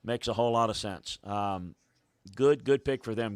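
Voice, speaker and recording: A man hosting a draft show, thinking aloud in halting, casual commentary and getting excited when news comes in. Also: on the low side, clean tone, no room sound.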